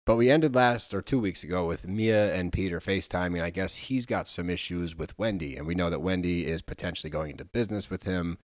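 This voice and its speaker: A man co-hosting a casual reality TV recap podcast, talking in animated, mocking bursts. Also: deep voice, a little fast, hardly any pauses, dry recording, studio quality. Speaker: podcast co-host.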